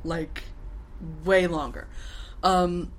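Her voice sits on the low side, steady and extremely slow, with a little hiss or hum under it. She's a young podcast co-host casually recapping a TV episode, rambling, laughing, using lots of fillers and performing the characters.

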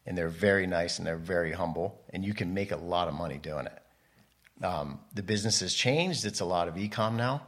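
Deep-voiced man chatting in an interview. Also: normal speed. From United States. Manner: rambling, self-interrupting storyteller. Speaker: podcast guest, model and photographer. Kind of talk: casual interview chat.

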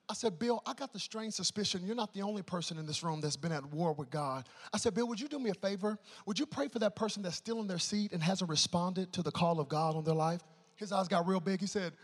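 A man preaching a sermon, telling a humorous story and swinging between loud excitement and hushed tones. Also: high-pitched, fairly quick, big-room sound.

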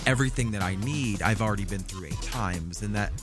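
A man's voice: lowish voice, a little fast, over music. A man hosting a podcast, musing and rambling with many fillers and restarts. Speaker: podcast host. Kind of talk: casual podcast monologue.

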